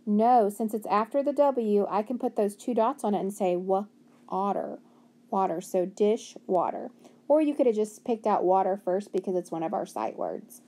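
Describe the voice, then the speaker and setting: A woman's voice: mid-range voice, expressive, normal speed, mellow. A woman teaching a phonics lesson, stretching out word sounds and asking and answering her own questions.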